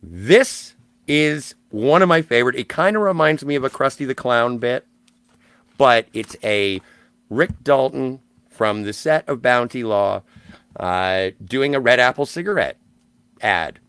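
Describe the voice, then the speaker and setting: A man's voice: mid-range voice, lively intonation, unhurried, fairly bright tone, clear, resonant tone, no room sound. A man co-hosting a podcast, talking about a film emphatically and swearing freely. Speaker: podcast co-host. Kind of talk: casual film discussion.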